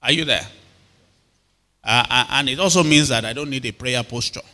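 Brief: Nigerian male pastor, bright forceful voice, engaging congregation with frequent questions, long hall reverb. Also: mid-range voice, normal speed. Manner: call-and-response questions to the congregation. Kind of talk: sermon.

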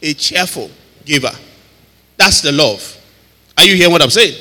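A man's voice: fairly high pitch, expressive, moderate pace, bright, forceful tone, in a large hall. A man teaching a Bible study as a pastor, talking conversationally, laughing often and asking listeners if they follow.

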